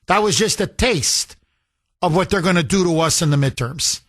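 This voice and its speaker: A man's voice: high voice, moderate pace, fairly bright tone. A man hosting a political call-in radio show, talking emphatically and rambling through asides. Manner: emphatic, rambling, laughs at his producer. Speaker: radio talk show host.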